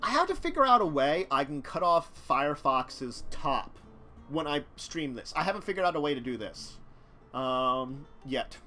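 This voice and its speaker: A man's voice: a little high, big pitch swings, normal speed, pushed and bright, faint music behind. A man casually commenting on a live stream about a card-game deck, rambling and talking to his chat. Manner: rambling, chatty, talks to chat, chuckles.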